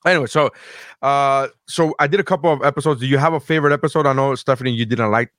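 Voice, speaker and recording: A man at a middle pitch, hosting a loose podcast conversation. He gushes in long, rambling stretches, cursing often, and the sound is close and dry with no room around it. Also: fast talker, a bit bright, dry recording. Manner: enthusiastic, rambling, swears freely. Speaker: podcast host. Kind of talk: casual chat.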